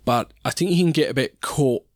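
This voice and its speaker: A man's voice: mid-range voice, brisk, no room sound, clean studio sound. Man bantering on a podcast. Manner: banter, swears casually. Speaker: podcast co-host. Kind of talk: casual podcast chat.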